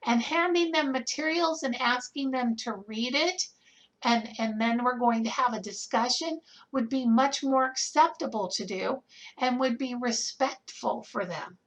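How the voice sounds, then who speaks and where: A woman's voice: on the high side, unhurried, fairly bright tone, rough recording. A woman lecturing nursing students in a conversational way, asking rhetorical questions and checking in with "okay?". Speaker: nursing instructor. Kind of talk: recorded lecture.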